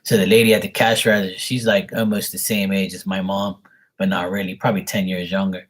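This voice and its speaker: A man's voice: low voice, level tone, brisk. A man chatting casually on a live tarot stream, rambling and exasperated, swearing freely. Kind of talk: casual livestream chat.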